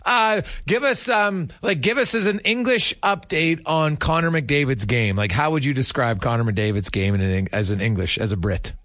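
A man's voice: a little high, moderate pace, hardly any pauses, a bit bright, no echo, studio quality. A man hosting sports radio, chatting casually about hockey and reading out listener messages.

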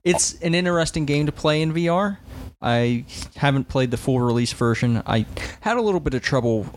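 A man co-hosting a casual video game podcast, chatting and reading out game listings in a relaxed, conversational way. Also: on the high side, fairly quick. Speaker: podcast co-host.

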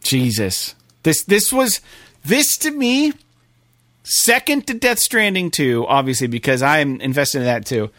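A man co-hosting a gaming podcast, talking casually and excitedly, swearing often and rambling. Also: a little high, a little slow, no room sound, clean studio sound. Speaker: podcast co-host.

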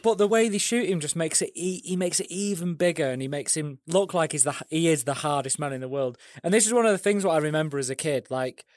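A man co-hosting a casual film chat, cracking blokey, deadpan jokes. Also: on the high side, fast, few pauses, no echo, clean studio sound. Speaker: podcast co-host.

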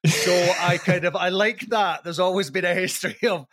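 A man's voice: high-pitched, a little fast, sharp tone, no echo. Jokey middle-aged man, dry sound. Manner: jokey storyteller, laughs often. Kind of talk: casual podcast chat.

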